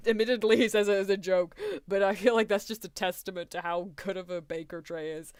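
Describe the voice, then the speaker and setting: Woman streamer rambling through a reaction, chatty, laughs a lot, mid pitch, dry sound. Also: steady tone, normal speed, long pauses, clean tone, no room sound. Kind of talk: casual reaction commentary.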